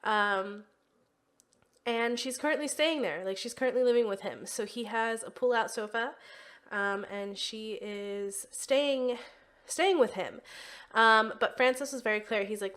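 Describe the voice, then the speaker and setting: A woman's voice: medium pitch, a little slow, fairly bright tone. A young woman hosting a let's play, narrating her life-sim game casually with lots of "um" and "like". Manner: chatty, many fillers and "like".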